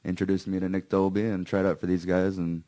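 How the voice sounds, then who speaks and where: A male musician from Florida tells his story in an easygoing way as a podcast guest. His voice is deep and low. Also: level tone, fast, dark tone. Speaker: band member guest. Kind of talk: casual podcast chat.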